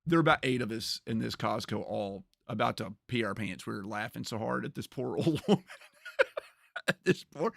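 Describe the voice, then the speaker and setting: A man's voice: medium pitch, gravelly, no room sound, studio quality. A man streaming a game, chatting casually and telling funny stories he often laughs through. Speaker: gaming streamer. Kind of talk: casual storytelling while playing a game.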